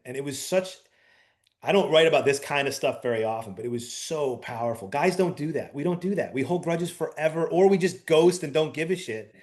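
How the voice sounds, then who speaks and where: A middle-aged man co-hosting a casual chat, telling a long story in an animated, rambling way with many fillers. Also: on the high side, a little fast. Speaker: podcast co-host.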